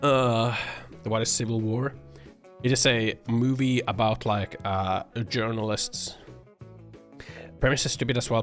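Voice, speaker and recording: A man streaming, giving an exasperated, profanity-laden rant full of filler words and bursts of laughter. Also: medium pitch. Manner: laughs often mid-sentence. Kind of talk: casual livestream commentary.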